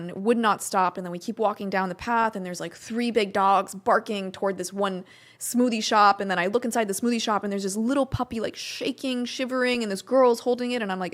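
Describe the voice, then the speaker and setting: A woman's voice: mid-range voice, fairly quick. A young woman, a podcast guest, telling a story in a casual interview, acting out quotes and using many "like" fillers.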